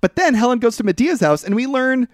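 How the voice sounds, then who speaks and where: Animated man recapping a movie. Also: fast, dry recording, studio quality. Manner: lively, swears, mimics characters in exaggerated high outbursts. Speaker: podcast co-host. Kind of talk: casual movie recap chat.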